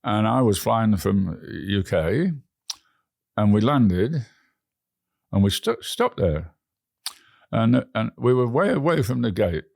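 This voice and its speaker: A man's voice: on the low side, big pitch swings, slow pace, creaky, long pauses, darkish tone, no room sound, clean studio sound. A man with an English accent, a guest telling rambling travel stories in an interview, often restarting his words. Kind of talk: anecdotal storytelling.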